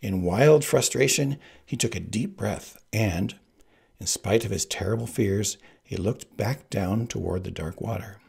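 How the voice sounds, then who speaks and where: A man reading a novel aloud in an expressive, animated way. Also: on the low side, a little slow, vocal fry, husky. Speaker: reader. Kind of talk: audiobook narration.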